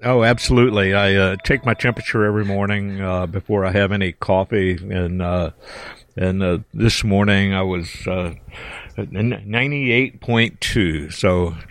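A man with a lowish voice chats easily on a podcast, telling little stories from home. The dry close mic gives no room sound. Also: fairly even intonation, normal speed, no room sound. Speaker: podcast co-host. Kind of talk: casual podcast chat.

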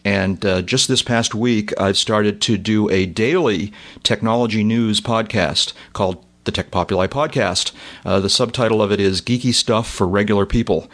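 A man's voice: on the low side, normal speed. A man from the Boston area hosting an aviation podcast, talking casually over a conference call with frequent fillers. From Boston area, USA. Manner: chatty, relaxed, frequent fillers. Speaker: podcast host. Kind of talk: casual chat. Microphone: remote call mic.

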